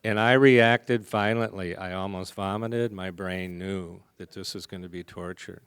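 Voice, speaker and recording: Mellow soft-spoken man telling a story. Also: low-pitched, steady tone, measured pace, clean tone, no echo. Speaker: recovery meeting speaker. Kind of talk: storytelling talk to an audience. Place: conference hall before a live audience.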